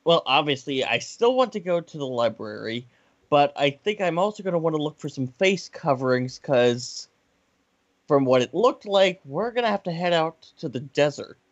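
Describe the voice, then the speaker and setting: A man's voice: fairly high pitch, expressive, moderate pace, dry recording. A man playing a tabletop game, chatting in a casual, giggly manner. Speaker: player. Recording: slightly dull, lo-fi mic.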